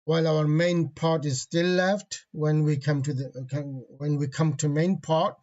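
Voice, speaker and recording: A man teaching an online grammar lesson, patiently repeating key terms and running quickly through analysis phrases. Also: fairly high pitch, little pitch movement, darkish tone, dull audio.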